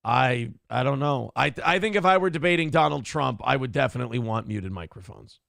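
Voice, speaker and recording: Blunt, gravelly-voiced male host. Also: medium pitch, expressive, a little fast, fairly bright tone, dry recording, studio quality. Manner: blunt, profane, rambling opinion, reads chat aloud. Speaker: morning show host. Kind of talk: livestream commentary show.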